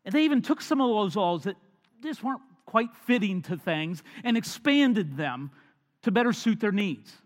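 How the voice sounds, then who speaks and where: A man preaches a sermon in a fairly high voice, rising to loud emphatic points and then dropping to quiet, almost whispered lines. His voice rings out in a big hall with a long, lingering reverb. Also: lively intonation, normal speed. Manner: dynamic, swings from loud emphasis to hushed near-whispers. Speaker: pastor.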